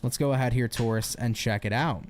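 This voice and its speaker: A man's voice: mid-range voice, brisk, slight background noise. A man giving a casual tarot reading, encouraging his listeners and swearing freely. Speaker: tarot reader.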